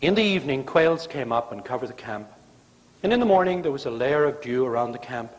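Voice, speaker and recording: A man's voice: medium pitch, animated, fairly quick. A male guest preacher delivering a sermon, telling stories with playful, acted-out quotes. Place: church sanctuary. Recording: long church reverb.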